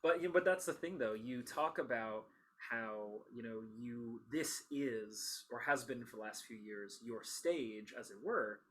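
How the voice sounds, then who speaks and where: A man's voice: medium pitch, expressive, unhurried, a bit bright. A man hosting a casual interview podcast, talking enthusiastically and laughing often. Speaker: podcast host.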